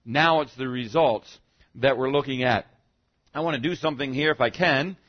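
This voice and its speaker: A man's voice: mid-range voice, moderate pace, dull audio. A male pastor preaching a teaching sermon in a conversational way, often checking in with the congregation and punching key words for emphasis.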